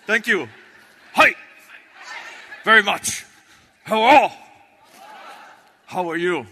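A man's voice: high-pitched, lively intonation, very slow, pushed and bright, husky. A man doing stand-up on stage in a large hall, talking in clipped broken English and chanting lists of names. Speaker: stand-up comedian.

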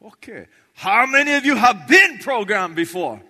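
A man's voice: extremely high pitch, animated, moderate pace, bright, forceful tone. A man doing stand-up on stage in a large hall, talking in clipped broken English and chanting lists of names. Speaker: stand-up comedian.

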